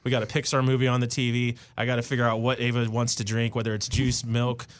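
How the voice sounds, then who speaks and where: A man's voice: medium pitch, level tone, quick pace, a little hiss or hum. A man co-hosting a podcast, chatting casually and animatedly telling stories about his young daughter. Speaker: podcast co-host. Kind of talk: casual chat.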